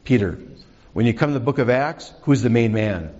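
A man's voice: medium pitch, a little fast, a little mellow, muffled recording. A man preaching a sermon as pastor, conversational, asking the congregation questions.

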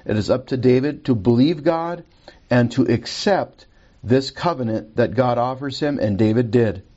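A man's voice: medium pitch, moderate pace, dark tone, dull audio. A man teaching a recorded Bible lesson from a handout, reading scripture aloud and checking his notes as he goes.

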